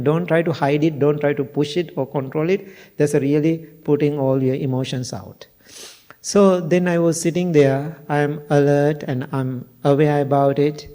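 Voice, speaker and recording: An older man, a Buddhist monk, giving a dharma talk to a temple audience, speaking slowly and plainly with simple broken grammar and questions to the listeners. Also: fairly high pitch, dark tone.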